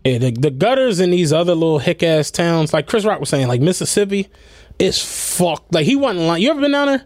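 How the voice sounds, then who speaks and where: A man with a high, bright-sounding voice tells stories in loose, profane slang and laughs often. He hosts a casual chat, recorded close and dry in a studio with no room echo. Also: big pitch swings, brisk. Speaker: podcast host.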